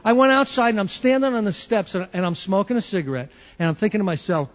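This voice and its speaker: A man speaking at a recovery meeting, telling his personal story in an animated, wry way and acting out moments. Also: sits high, fast talker, few pauses. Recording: lo-fi recording in a reverberant hall.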